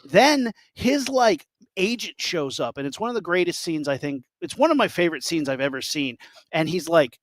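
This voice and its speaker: Excitable man telling a movie story. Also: fairly high pitch, normal speed, no room sound. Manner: excited storytelling, many fillers and restarts. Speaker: podcast co-host. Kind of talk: casual chat.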